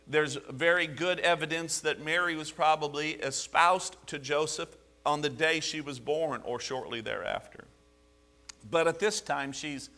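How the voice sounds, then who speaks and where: A man preaching a sermon, animated, asking the congregation rhetorical questions. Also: on the high side. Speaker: pastor.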